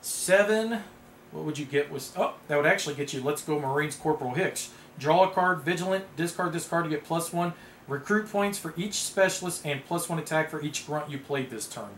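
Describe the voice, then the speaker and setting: A man casually playing a tabletop card game, reading card text aloud with bursts of excited outcries. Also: fairly high pitch, brisk. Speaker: board game player. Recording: echoey room with background noise.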